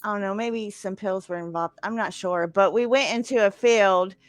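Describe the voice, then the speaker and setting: A woman's voice: medium pitch, normal speed. A woman in casual chat, telling rowdy stories in a loose, swearing manner.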